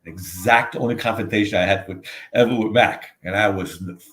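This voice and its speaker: As a guest, an older author spins casual stories, wandering off track, cursing freely and repeating "you know what I mean." He speaks at a moderate pace in a lowish, slightly bright voice.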